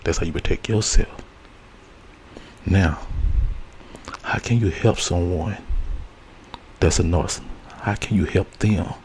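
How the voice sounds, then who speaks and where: A man's voice: low voice, measured pace, pauses often, darkish tone, slight background noise, poor audio. A man hosting an ASMR spiritual advice talk, speaking earnestly and repeating key phrases like a preacher. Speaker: host.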